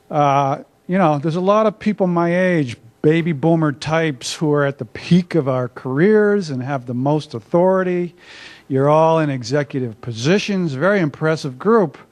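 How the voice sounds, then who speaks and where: A man's voice: fairly high pitch, normal speed. An older man, an academic, giving a conversational workshop presentation in a conference room, with frequent filler words. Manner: conversational, self-deprecating, many filler uhs. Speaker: academic speaker.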